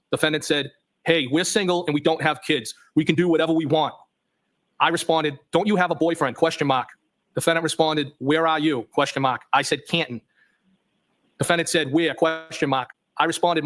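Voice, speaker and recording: A trial witness plainly reads a series of text messages in court, voicing every question mark aloud. He has a slightly high voice for a man, with a somewhat bright tone.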